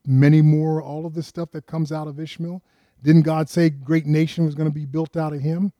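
A man preaching in a relaxed, conversational way, his voice pitched a bit high yet mellow in tone. He peppers the congregation with rhetorical questions and speaks to them directly. The sound is dry and close. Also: moderate pace, dry recording. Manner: addresses listeners directly and earnestly. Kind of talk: conversational sermon.

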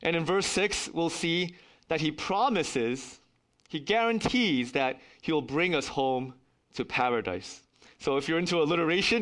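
Lively, high-voiced male preacher. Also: moderate pace. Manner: earnest, emphatic preaching with wry asides. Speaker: pastor. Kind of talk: sermon.

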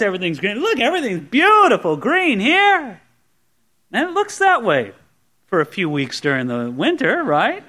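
A man's voice: high-pitched, bright, forceful tone. A man preaching a sermon, teaching through a Bible passage verse by verse with conversational asides to the congregation. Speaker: pastor.

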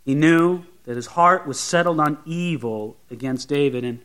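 A man's voice: on the high side, moderate pace, a bit bright, clear, resonant tone. A man preaching a Bible sermon as a pastor, often putting rhetorical questions to his listeners.

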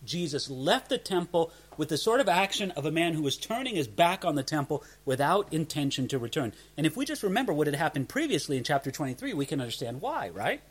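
Male Bible teacher, slightly higher voice, earnest, stumbles and restarts phrases. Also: a bit bright, breathy edge. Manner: earnest, repeats words when starting sentences.

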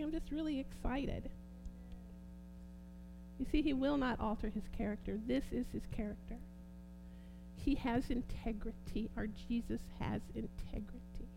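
A woman preaching a sermon, fervent and swinging from quiet talk to loud exclamations. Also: on the high side, gravelly, low-quality recording.

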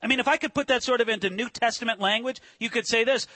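A man's voice: very high voice, fast, few pauses, sharp tone, no echo. A man preaching a sermon as a pastor, earnest and full of rhetorical questions.

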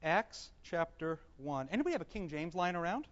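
Speaking at medium pitch with big swings in his intonation, a Bible teacher instructs a live group. He reads scripture slowly aloud and explains it, posing questions to the room that he then answers on his own, all captured in a dull, echoey hall.

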